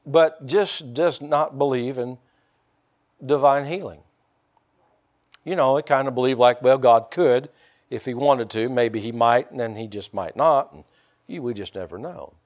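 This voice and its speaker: A man preaching a conversational sermon and talking directly to his congregation. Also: mid-range voice. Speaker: pastor.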